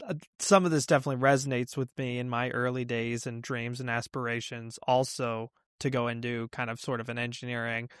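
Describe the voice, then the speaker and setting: A man's voice: medium pitch, little pitch movement, a little fast, clean tone, dry recording. Hesitant male host, dry close sound. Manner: hesitant, searching questions. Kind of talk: casual interview.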